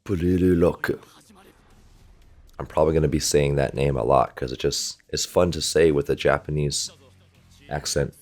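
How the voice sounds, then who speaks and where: A man's voice: a bass voice, fairly even intonation, fairly quick, faint music behind. A man, a volleyball coach, chatting casually through an anime reaction and pointing out small animation details, on a desktop microphone. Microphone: desktop USB microphone.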